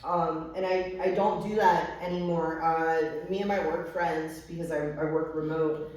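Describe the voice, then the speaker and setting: A woman's voice: sits low, fairly even intonation, unhurried, darkish tone. A young adult woman candidly telling her recovery story to a group, swearing freely and using many fillers. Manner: candid and profane, frequent fillers. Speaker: recovery meeting speaker. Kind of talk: personal testimony to a group. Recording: echoey room, distant mic.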